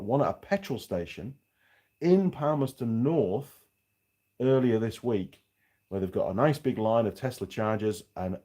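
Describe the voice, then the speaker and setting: A man's voice: fairly low pitch, dark tone. Frank man with faded Yorkshire accent. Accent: faded Yorkshire English. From Yorkshire, England. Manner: frank and opinionated, rambling asides. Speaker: mechanic and channel host. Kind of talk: casual livestream chat answering viewers.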